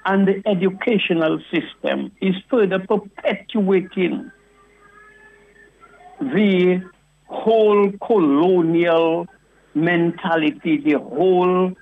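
A man calls in to a radio show, pressing his point with fervor and returning to the host's name again and again. His voice sits a little high, and it comes through a thin, narrow telephone line. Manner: impassioned, repetitive, keeps addressing the host by name. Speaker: caller. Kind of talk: call-in radio rant. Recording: phone-line caller audio.

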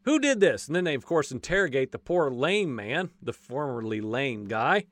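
A man preaching a casual, animated sermon, acting out voices from the stories and joking as he goes. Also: mid-range voice, normal speed, no room sound, clean studio sound. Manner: folksy, says "y'all" and jokes.

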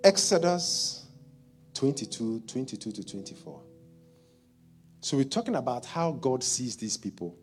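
Animated man preaching a sermon. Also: mid-range voice, measured pace, long pauses, soft background music. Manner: animated, repeats words while thinking aloud. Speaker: pastor.

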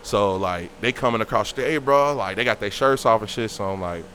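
A man's voice: on the low side, fairly quick. Young man, casual storyteller who acts out the voices, slight background hiss. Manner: animated, acts out quoted voices. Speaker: guest telling a story.

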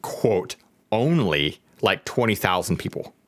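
Animated man ranting with heavy swearing. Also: on the high side, moderate pace. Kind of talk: casual ranting chat.

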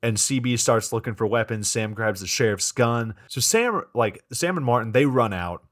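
Recapping a terrible movie on his podcast, this co-host swears without restraint and acts out what the characters say. He speaks at a moderate pace in a mid-range, animated voice, telling it as a profane story.

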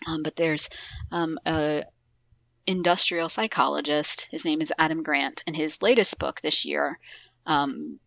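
Woman co-host, casual and animated, low-ish bright voice, dry close sound. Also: unhurried, creaky, no room sound. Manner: animated storyteller, hesitant restarts. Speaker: podcast co-host, parent. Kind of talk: casual chat.

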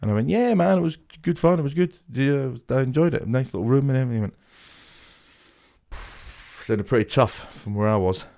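A man's voice: mid-range voice, fast talker, few pauses, warm tone. A young man co-hosting a podcast, swearing freely and acting out stories in casual chat. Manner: swears a lot, acts out anecdotes. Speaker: podcast co-host.

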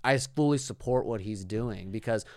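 Male host, blunt and to the point, smooth tone, dry close sound. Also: on the low side, normal speed, darkish tone, no room sound. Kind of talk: casual chat.

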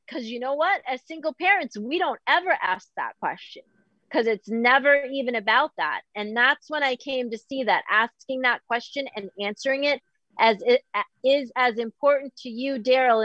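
A middle-aged woman from Boston, a guest talking candidly in an animated, self-deprecating way and often quoting herself. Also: on the high side, dry recording, highs cut off. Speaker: podcast guest. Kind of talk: candid conversational chat.

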